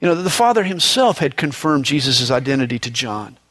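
A very animated preacher with a fairly bright tone gives a conversational sermon, peppered with "you know." He raises his voice for emphasis and lowers it, slow and quiet, on solemn matters.

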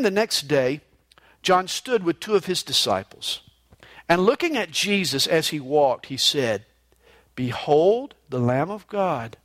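A male pastor preaching a verse-by-verse sermon, earnest and expressive, moving between emphatic rises and hushed lows, with a conversational "you know" style. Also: no room sound. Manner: conversational, with frequent "you know" fillers and restarts.

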